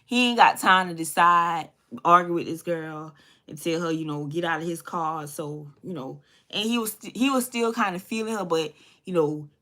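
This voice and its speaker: Her voice is fairly low and a bit bright. While applying makeup, the thirty-something beauty vlogger chats directly with her y'all audience, telling a casual story and swearing freely.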